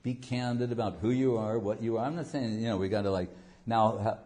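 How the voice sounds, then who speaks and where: A man's voice: fairly low pitch, brisk, dark tone. Man telling joking stories in a talk. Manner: digressive, joking storyteller who acts out quotes and laughs often. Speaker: spiritual teacher giving a talk. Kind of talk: informal devotional lecture with anecdotes.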